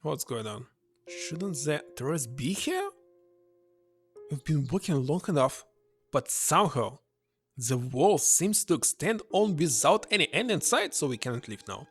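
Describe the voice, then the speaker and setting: A man streaming a game, reading its text aloud and thinking out loud in hesitant English, which is not his first language. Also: a little high, big pitch swings, measured pace, soft background music.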